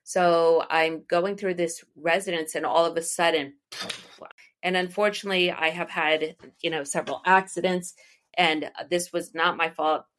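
Her voice is on the low side and a bit bright. She's a middle-aged astrologer and psychic medium from the United States, chatting in an informal interview and meandering through personal anecdotes with restarts and bursts of laughter.

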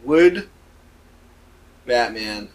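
A man's voice: mid-range voice, lively intonation, very slow, a little hiss or hum. A man co-hosting a podcast, swearing freely and laughing often in crude casual banter. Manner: profane, emphatic, laughs often. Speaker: podcast co-host.

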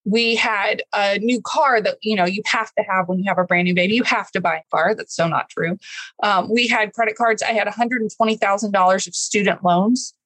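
A woman from Texas in her thirties tells her own story as an interview guest. She speaks in an earnest, emotional way at an ordinary pitch. The sound is close and dry, with no room around it. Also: a little fast, fairly bright tone, no room sound, poor audio. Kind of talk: candid personal story in an interview.

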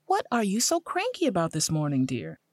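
An actress playing a teasing, dismissive wife in an old-time radio drama. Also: female voice, on the low side, wildly swooping pitch, fairly quick, no room sound. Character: chiding wife, teasing and brisk.

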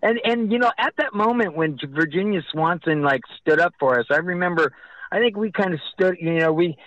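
A man being interviewed on the radio, telling stories in a halting, rambling way with many restarts. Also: sits high, a bit bright, no room sound, muffled recording. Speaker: guest, festival organizer.

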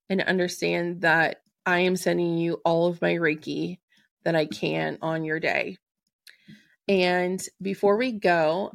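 Gravelly low-voiced woman podcast host. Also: dry recording, clean studio sound. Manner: earnest, soothing, spiritual. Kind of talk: podcast advice monologue.

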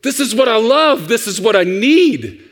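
A man's voice: very high voice, very animated, normal speed, long reverb tail, pitched above the performer's own voice. A man voicing an earnest, devoted little boy who begs and repeats his words. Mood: desperate. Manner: breathless, begging, repeats words.

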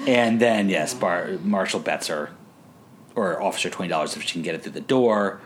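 A man's voice: deep voice, moderate pace. A man co-hosting a podcast, chatting casually as he recaps a TV episode, laughing and acting out quotes in funny voices. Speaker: podcast co-host.

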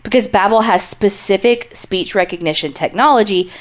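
A woman's voice: mid-range voice, normal speed. A woman with a Southern US accent, co-hosting a podcast and reading an ad in a playful, jokey way. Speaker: podcast co-host. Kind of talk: casual chat and ad read.

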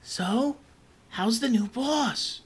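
Bright, nosy coworker lady, loud stage whisper, high and lively, as a man plays her. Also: very slow, husky, exaggerated voice. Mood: chirpy. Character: bubbly gossipy female office coworker.

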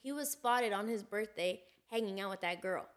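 A woman co-hosting a podcast in casual chat, telling gossip in an animated way, full of "like" fillers. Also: medium pitch, normal speed. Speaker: podcast co-host.

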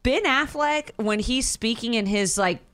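A woman from Texas co-hosting a morning radio show, gushing and expressive. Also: a little high, a little slow, smooth. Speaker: radio co-host.

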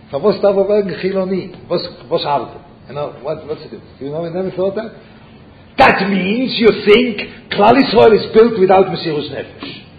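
A man teaching a Torah class, who asks rhetorical questions, repeats himself and mixes Yiddish and Hebrew terms into his English. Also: on the high side. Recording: muffled lo-fi recording with faint background noise.

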